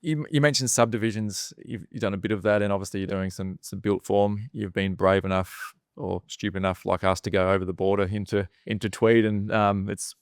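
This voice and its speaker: A host with a low, gravelly voice asks long, meandering questions with plenty of ums. The recording is dry and close. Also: male voice, steady tone, a little fast, hardly any pauses, no room sound. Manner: rambling, hesitant questions with fillers. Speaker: podcast host. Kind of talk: interview questions.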